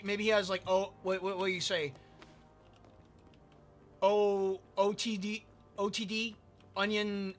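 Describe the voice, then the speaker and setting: A man with a high, bright voice rambles through a story while he plays, repeating phrases and stumbling over words. His pitch sits well above most men's, and his tone is light and sharp. Game music plays faintly under him. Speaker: streamer. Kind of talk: casual storytelling while gaming.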